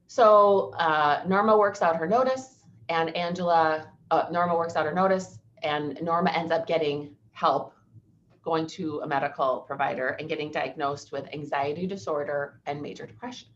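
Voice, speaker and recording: A woman's voice: deep voice, moderate pace, dull audio. A woman, an employment attorney giving a legal seminar talk in a conversational, storytelling way.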